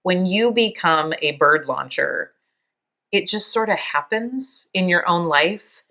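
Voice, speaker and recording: A woman in her fifties hosting a podcast, speaking in a reflective, halting way, close to tears and laughing softly now and then. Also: lowish voice, expressive. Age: 50s. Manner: soft, halting, near tears, with small laughs. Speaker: podcast host. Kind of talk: reflective personal monologue.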